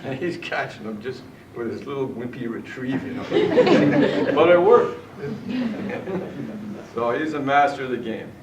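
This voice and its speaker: A man's voice: mid-range voice, huge pitch swings, unhurried. A middle-aged man telling fishing anecdotes in a tribute speech at a party, chuckling often as he goes. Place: large indoor party room. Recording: echoey, distant, noisy party room.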